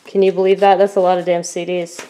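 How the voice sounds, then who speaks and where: Woman, giddy and excitable, swears a lot, casual phone vlog, faint hiss behind. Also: lowish voice, quick pace. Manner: giddy, excitable, swears freely, repeats herself. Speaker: vlogger. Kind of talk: casual unboxing chat.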